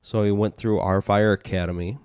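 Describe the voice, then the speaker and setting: A man's voice: fairly low pitch, fairly even intonation, brisk, a little mellow, smooth, no room sound, studio quality. A tipsy man co-hosting a podcast, telling work stories in crude, joking banter. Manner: joking, swearing storyteller. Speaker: podcast co-host. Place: basement.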